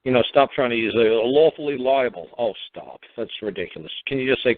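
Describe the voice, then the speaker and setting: A man hosts a talk radio show, giving blunt, mocking advice and tripping over repeated words. His voice sits at an ordinary pitch. The sound is dry and narrow, like a phone line on air. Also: lively intonation, fast, few pauses, dry recording. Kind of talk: casual radio talk, advising callers.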